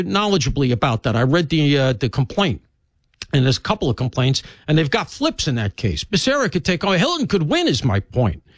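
A man's voice: on the high side, dry recording. A male talk radio host delivering an emphatic, rambling monologue that previews the show's lineup and keeps drifting into asides.

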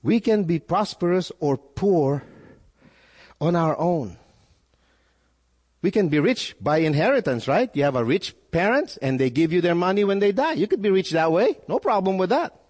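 With a high, sing-song voice of darkish tone, a male pastor preaches at a normal speed. He keeps asking the audience questions and repeating words to drive his message home, and the hall around him echoes with long reverb.

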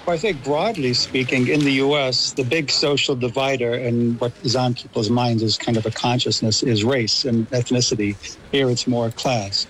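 A man's voice: mid-range voice, fairly even intonation, moderate pace, a bit bright, slight background noise, rough recording. A man from Los Angeles with an American accent, explaining articulately as a guest on a radio panel. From Los Angeles, USA. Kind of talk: radio discussion.

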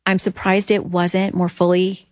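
A woman's voice: on the low side, monotone, unhurried, a little mellow, dry recording. A woman guest earnestly telling her faith story in an interview, acting out quoted lines.

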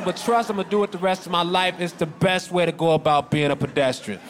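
A man doing stand-up, telling a story sarcastically and shouting out bits. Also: high voice, fairly even intonation, fast, few pauses, background noise. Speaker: stand-up comedian.

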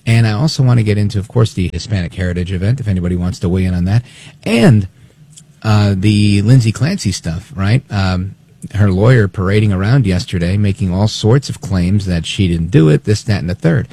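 A man hosting opinionated political talk radio, animated and snide, acting out quotes as he talks. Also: fairly low pitch, fairly quick, creaky.

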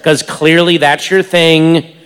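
A woman's voice: deep voice, steady tone, slow pace, smooth, big-room sound, some chatter behind. A man doing a blunt, weary young woman.

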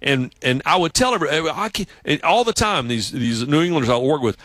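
A man with a Southern US accent, from South Carolina, hosting a sports radio show and telling stories in a casual, animated way. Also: fast talker, hardly any pauses, no room sound. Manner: animated storyteller, mimics coworkers in high voices. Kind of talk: casual radio chat and storytelling. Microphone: studio mic.

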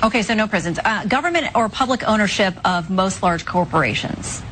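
A woman interviewer asking brisk, pointed true-or-false questions. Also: mid-range voice, animated, a bit bright, slight background noise.

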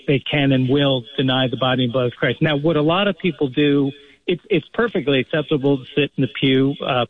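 A man calling in to a radio show, explaining earnestly and restarting his sentences often, heard over the phone. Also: mid-range voice. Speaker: radio caller. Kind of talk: phone-in call. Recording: tinny phone line.

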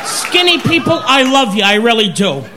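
A man doing a stand-up comedy routine on stage, ranting loudly and exasperated. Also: very high voice, very animated, normal speed, music in the background. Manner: loud, ranting, exasperated delivery. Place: comedy club stage with audience. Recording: live club recording with crowd and noise.

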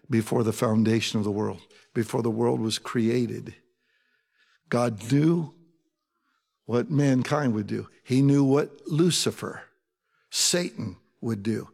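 A man preaching a sermon as pastor, talking in a conversational, animated way with asides to his congregation. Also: mid-range voice, vocal fry, big-room sound.

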